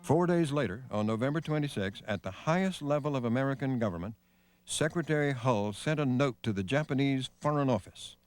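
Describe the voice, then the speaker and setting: A man's voice: mid-range voice, animated, darkish tone, smooth. Grave male documentary narrator. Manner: measured, grave delivery. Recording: faint noise on a VHS broadcast.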